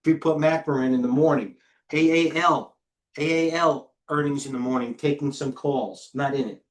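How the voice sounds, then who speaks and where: A middle-aged man hosting live trading commentary, firing off clipped ticker call-outs and excitedly talking to himself as he trades. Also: a little high, normal speed. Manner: talks to himself while trading. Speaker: head trader hosting a market livestream.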